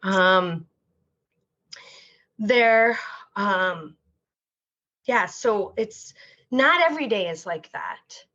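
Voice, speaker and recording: A woman's voice: medium pitch, expressive, extremely slow, pauses often, sharp tone. A woman guest, a therapist, talking openly and at length in a candid interview, full of fillers and restarts. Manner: open and heartfelt, rambling with many fillers. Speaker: guest, mental health therapist. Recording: dull lo-fi sound.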